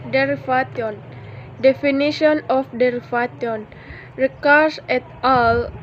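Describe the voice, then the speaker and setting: A young woman, reading a class presentation aloud. Her voice sits high and she reads slowly and carefully, stopping to restart words. The recording is dull and lo-fi, with faint noise behind her. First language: Indonesian. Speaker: student presenter.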